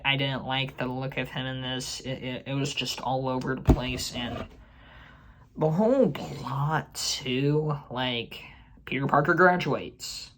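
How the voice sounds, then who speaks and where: With a medium-pitched, fairly bright voice, a man runs his own movie review channel. He talks casually to camera, offering an opinionated ranking peppered with fillers and restarts.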